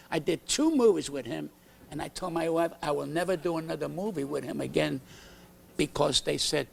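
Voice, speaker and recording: Older guy comic, gravelly and highish, ranting brash stories on a talk show set. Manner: brash, aggrieved storytelling, acts out quoted exchanges. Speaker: comedian guest. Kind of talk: late-night talk show interview. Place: TV studio set.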